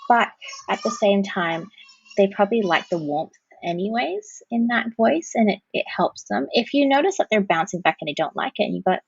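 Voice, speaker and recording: A woman's voice: fairly low pitch, slightly rough, no echo, dull audio. A woman counsellor answering podcast questions in a practical, explanatory way with example phrases. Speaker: parent-child counsellor, guest.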